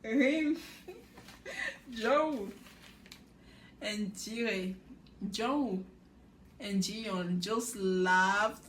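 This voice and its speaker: A woman talks through a dating show in a loose, animated recap, laughing often and slipping into quoted lines as she retells each scene. Her mid-range voice carries a noticeable room echo, with a faint hiss underneath. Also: medium pitch, very slow, pauses often. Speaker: reaction video host. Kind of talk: casual recap commentary.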